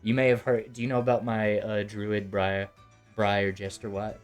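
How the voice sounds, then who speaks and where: A man's voice: on the low side, level tone, normal speed, soft background music. Young man rambling casually over a game. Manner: laughing, rambling anecdotes. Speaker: gaming channel host. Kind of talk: casual chat over gameplay.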